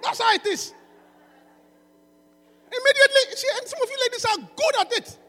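A male preacher delivering a sermon, emphatic and pleading, with frequent shouted lines. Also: extremely high pitch, moderate pace. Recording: long reverb of a large hall.

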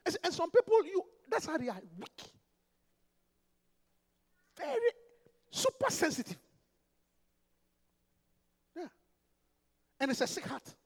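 A man, a pastor preaching an emphatic, animated sermon full of rhetorical questions. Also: extremely high pitch, slow pace, pauses often, long reverb tail.

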